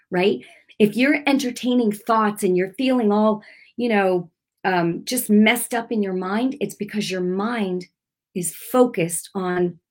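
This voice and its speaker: A woman's voice: mid-range voice, darkish tone. Preaching woman, earnest and conversational, unscripted with frequent restarts. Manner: unscripted, speaking without notes. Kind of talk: informal sermon.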